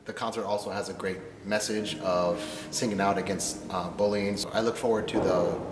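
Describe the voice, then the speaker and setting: Deep-voiced man in an echoey hall. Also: fairly even intonation, music in the background. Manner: thoughtful, many "uh" pauses. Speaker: choir director. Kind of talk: interview soundbite. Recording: echoey hall, noisy background.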